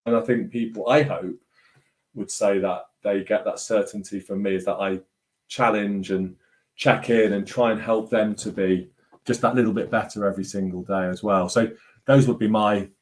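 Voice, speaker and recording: Rambling low-voiced man chatting. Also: steady tone, moderate pace. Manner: rambling, restarts often. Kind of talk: casual conversation on a video call.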